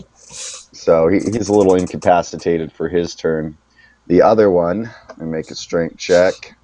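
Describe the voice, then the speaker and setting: A man narrating as game master of a tabletop game, halting and searching for words, laughing easily. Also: deep voice, steady tone, dark tone, a little hiss or hum. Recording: dull, muffled, dry sound.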